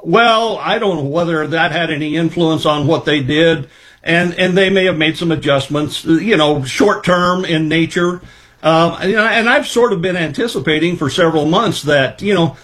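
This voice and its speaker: A middle-aged man with a slightly higher voice gives a guest interview. He talks in a measured, thoughtful way, pausing and working out each point aloud with plenty of fillers. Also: fairly bright tone. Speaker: livestock marketing specialist guest. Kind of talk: casual interview answers.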